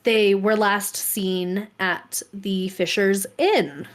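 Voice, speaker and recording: A woman podcast host tells a story at an unhurried, slow pace. Her delivery is dry and casual, in a middle-pitched voice. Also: fairly even intonation. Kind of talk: casual chat.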